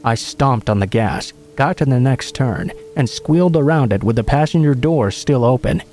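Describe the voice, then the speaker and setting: A man reading a true scary story aloud in measured, dramatic narration. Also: medium pitch, expressive, a little mellow.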